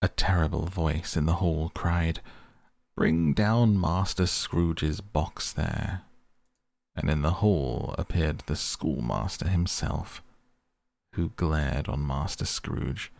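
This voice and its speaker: A man's voice: extremely low pitch, creaky, no room sound, clean studio sound. A man narrating a classic novel as a soothing bedtime sleep story. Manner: soft, slow, soothing. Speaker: podcast reader.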